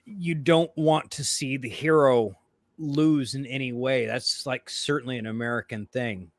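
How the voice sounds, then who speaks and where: A man's voice: mid-range voice, steady tone, unhurried, dry recording, clean studio sound. A man co-hosting a casual movie-review podcast, with laid-back, crude joking banter. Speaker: podcast co-host.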